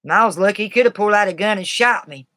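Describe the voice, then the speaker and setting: A woman's voice: mid-range voice, very fast, a bit bright, no echo. A woman casually telling a personal story in a blunt, tough, colloquial way. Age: adult, has a daughter. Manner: blunt and tough, Southern-sounding colloquial speech.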